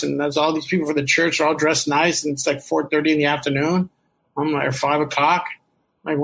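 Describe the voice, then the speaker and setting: Husky middle-aged man, slightly high voice, candid rambling personal storyteller. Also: fairly bright tone, low-quality recording. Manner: candid, rambling, emotional, with laughs and profanity. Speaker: storyteller guest.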